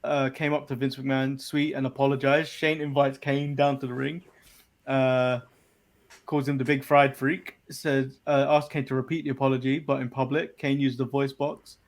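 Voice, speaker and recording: A man's voice: medium pitch, little pitch movement, moderate pace. British man recapping on a podcast. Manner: recaps events, laughs often at his own lines. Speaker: podcast host. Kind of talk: casual recap chat.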